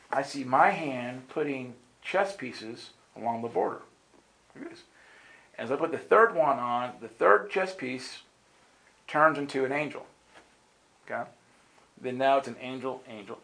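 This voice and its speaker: A man's voice: mid-range voice, measured pace, vocal fry, a bit bright, rough recording. A man preaching and telling a personal testimony in a conversational way, acting out what people said and often checking in with "right?". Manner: dramatic, acts out the quoted lines. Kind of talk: sermon storytelling.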